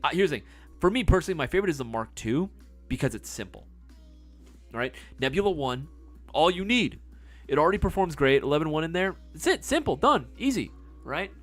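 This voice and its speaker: Animated man hosting a live stream. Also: a little high, brisk, faint music behind. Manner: animated, swearing, playful. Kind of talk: casual live-stream sales chat.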